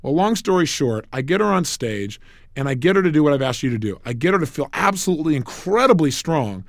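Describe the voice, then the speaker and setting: A man's voice: fairly high pitch, big pitch swings, brisk, no echo, clean studio sound. A man giving a recorded self-help lecture as a motivational speaker, emphatic and repetitive, telling stories.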